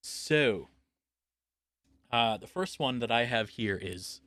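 A man's voice: medium pitch, expressive, takes it slowly, pauses often, pushed and bright, dry recording. A young man co-hosting a podcast, chatting casually and joking at his own expense while reading posts aloud. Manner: joking, self-deprecating, laughs often. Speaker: podcast co-host.

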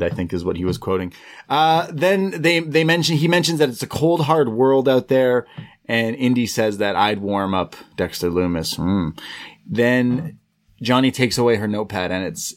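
A man's voice: fairly low pitch, normal speed. A man co-hosting a podcast, casually recapping a show and acting out the quoted lines as he retells them. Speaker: podcast co-host.

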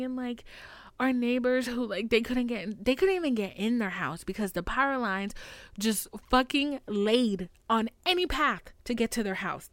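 A woman's voice: fairly high pitch, a bit bright, no room sound. A young woman from the United States hosting a podcast, talking in a casual, rambling, profanity-heavy confessional monologue and laughing to cope. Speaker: podcast host.

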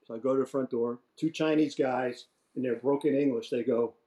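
Man in his 60s, podcast guest, storytelling, salty, lively. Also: medium pitch, brisk. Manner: animated, profane anecdotes with restarts. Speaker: podcast guest, retired general. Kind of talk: casual storytelling.

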